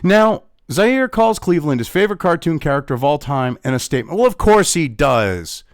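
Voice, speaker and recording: A man's voice: on the high side, very animated, a little fast, dry recording, clean studio sound. A man ranting angrily in a profane commentary video, talking as host.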